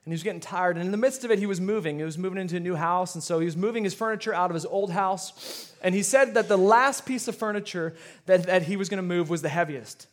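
A man's voice: high voice, fast talker. A middle-aged male pastor preaching a sermon, telling stories with repeated words and rising emphasis.

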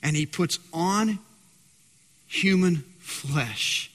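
A man preaching a sermon, dramatic and swinging from loud to hushed. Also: fairly high pitch, animated, very slow, long reverb tail. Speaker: pastor.

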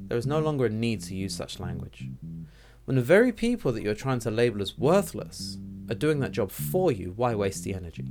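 A man narrating a scripted video essay in a measured, rhetorical manner, posing questions. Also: medium pitch, vocal fry. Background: plucked guitar music.

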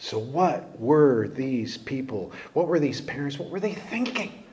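Slow-speaking preacher man. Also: mid-range voice. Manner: conversational, animated preaching with rhetorical questions. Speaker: pastor. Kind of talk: sermon.

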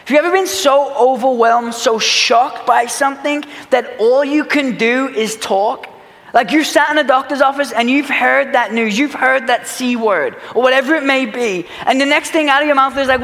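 Pastor, male, high voice, earnest sermon delivery, long church-hall reverb. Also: normal speed. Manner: earnest preaching, big swings from loud urgency to hushed. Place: church sanctuary.

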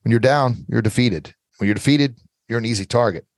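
A man's voice: mid-range voice, brisk, no echo. A middle-aged man giving earnest, motivational self-defense advice as an interview guest, coaching listeners and repeating his key phrases.

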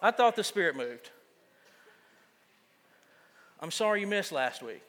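Man pastor, high and bright, joking and chatty in the pulpit, long reverb of the sanctuary. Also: very animated, measured pace. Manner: casual, self-deprecating preaching with frequent restarts. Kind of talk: sermon.

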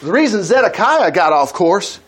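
A man preaching a sermon, retelling a Bible story in a folksy, animated way with frequent chuckles. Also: high-pitched, normal speed, a little hiss or hum.

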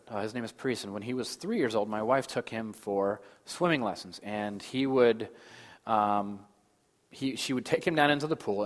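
A man in his thirties preaches from the pulpit, his voice carrying through a church sanctuary with a long reverb tail. He swings from loud, pressing emphasis down to soft, hushed passages. His pitch sits in the middle range for a man. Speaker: pastor. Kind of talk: sermon.

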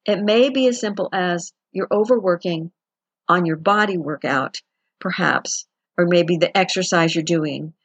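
A woman's voice: fairly low pitch, measured pace, slightly rough, dry recording. A woman giving a chatty, conversational self-help talk as a wellness teacher. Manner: chatty, conversational, acts out quotes with laughs.

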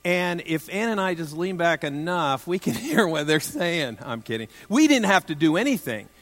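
A man preaches a sermon in a fairly high voice. He keeps it conversational and light, with joking asides. The sound trails off into a long hall reverb. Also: sing-song, moderate pace, a bit bright. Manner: conversational and humorous, with self-deprecating asides. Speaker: pastor.

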